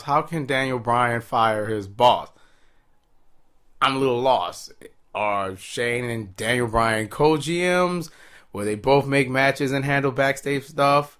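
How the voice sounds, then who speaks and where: Casual young man recapping wrestling. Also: fairly bright tone. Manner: chatty, amused, mimics wrestlers in quick high bursts.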